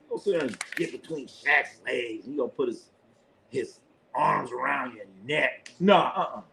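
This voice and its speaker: A man's voice: mid-range voice, animated, unhurried, vocal fry, bright, forceful tone. A man hosting a live sports stream, talking loosely in casual chat, blunt and profane, laughing often. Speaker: sports show host.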